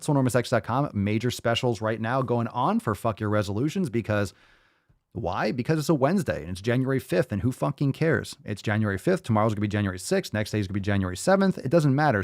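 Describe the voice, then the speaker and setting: A man's voice: on the low side, no room sound, clean studio sound. Hyped, profane male podcast host. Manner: profane, loud, hyped rants. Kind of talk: ranting fitness podcast.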